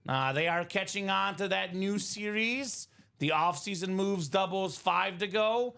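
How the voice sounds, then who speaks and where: A man hosting a live card-break stream, chatting casually and pitching breaks with lots of filler words. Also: vocal fry, a bit bright. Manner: upbeat, chatty, salesy, many "uh" fillers. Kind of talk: casual sales chat on a livestream.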